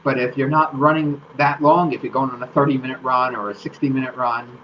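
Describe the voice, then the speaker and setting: A man's voice: mid-range voice, little pitch movement, brisk. Male running-coach host, live-stream talk, explanatory, slightly dull audio with faint noise. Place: home studio.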